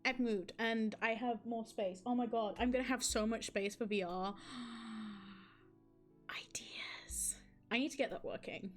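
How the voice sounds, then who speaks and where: A woman's voice: on the high side, fairly even intonation, moderate pace, hardly any pauses, soft background music. A woman streaming a game live, reading the story aloud and chatting with viewers in a casual, laughing way. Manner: chatty, laughs, asides to chat.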